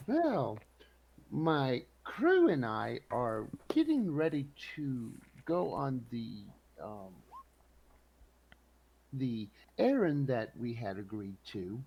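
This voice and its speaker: A man's voice: mid-range voice, huge pitch swings, takes it slowly, gravelly, a little mellow, a little hiss or hum, exaggerated voice, rough recording. A player voicing a cheerful male adventurer who greets a merchant effusively and haggles. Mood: earnest.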